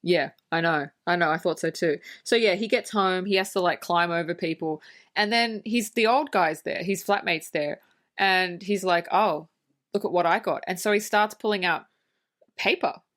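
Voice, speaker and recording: A woman co-hosting a podcast, casually retelling film scenes with lively, swearing commentary. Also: fairly low pitch, moderate pace. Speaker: podcast co-host. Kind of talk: casual film-review chat.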